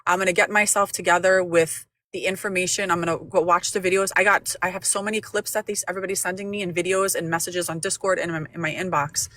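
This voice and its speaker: A woman's voice: fairly low pitch, little pitch movement, fast talker, few pauses, a bit bright, a little hiss or hum. A woman hosting a livestream, ranting angrily and swearing often, repeating herself as she talks. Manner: angry, profane, repeats herself. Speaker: livestream host. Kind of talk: heated livestream rant.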